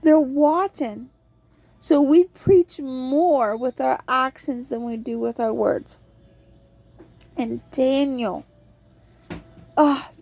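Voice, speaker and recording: A woman's voice: high-pitched, creaky, darkish tone. A woman hosting a podcast, giving a casual devotional talk on a Bible book and acting out quotes in an earnest storytelling tone.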